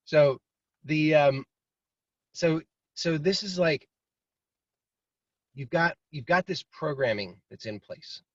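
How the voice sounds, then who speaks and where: A man's voice: a little high, expressive, takes it slowly, pauses often, no room sound. A man teaching in a casual, rambling way, now and then acting out inner voices. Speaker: meditation teacher. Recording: dry, slightly muffled video call audio.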